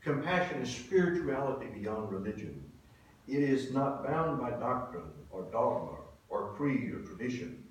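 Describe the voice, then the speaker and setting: A man's voice: mid-range voice, animated, normal speed. An American pastor in his seventies delivers a sermon, telling stories with earnest swells and drops in volume. His voice sits in an ordinary middle register. He sounds far from the mic, carried through a very reverberant hall with a faint hiss. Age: 70s. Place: church sanctuary.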